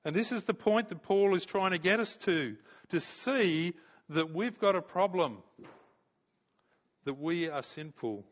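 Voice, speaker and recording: An Australian man, a pastor, preaching a sermon and telling a story, animated and stumbling over repeated words. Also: fairly high pitch, measured pace, pauses often, muffled recording. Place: church.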